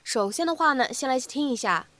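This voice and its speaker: Bright high-voiced woman teaching English. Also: animated, quick pace, slight background noise. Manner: cheerful, clear and explanatory, repeating phrases. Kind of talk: spoken English lesson.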